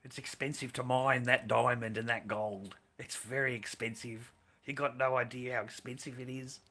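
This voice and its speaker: A man's voice: medium pitch, fairly even intonation, moderate pace, bright, forceful tone. A man hosting a stream who talks in a crude, profane and rambling way. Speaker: streamer host.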